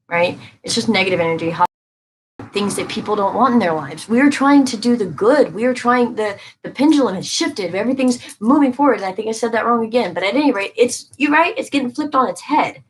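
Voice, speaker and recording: A woman talks through a live tarot reading in a chatty, emphatic way and answers her viewers' comments as they come in. Her voice sits at an ordinary middle pitch. A faint hiss runs under the recording. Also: fairly quick, poor audio. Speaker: tarot reader streaming live.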